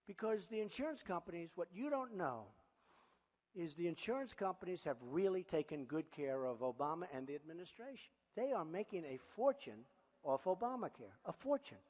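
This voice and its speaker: A man's voice: high-pitched, big pitch swings, moderate pace, darkish tone. Boastful man at a rally, hall echo. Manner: boastful, repetitive, conversational asides to the crowd. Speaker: political candidate. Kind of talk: campaign rally speech. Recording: long hall reverb at a rally.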